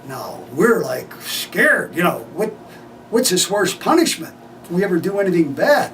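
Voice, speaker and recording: An older man telling family stories with a high, very lively voice that rises and falls freely. He laughs often and acts out dialogue as he goes. He is heard from a distance over faint background noise. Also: normal speed. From United States. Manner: animated, laughing storyteller acting out family dialogue. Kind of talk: personal storytelling.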